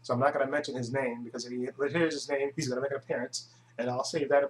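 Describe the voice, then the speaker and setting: A man's voice: medium pitch, little pitch movement, fast talker, rough recording. A man hosting his own video channel, chatting casually to camera with many hesitations and restarts. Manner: rambling, full of hesitations and restarts. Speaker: YouTube channel host.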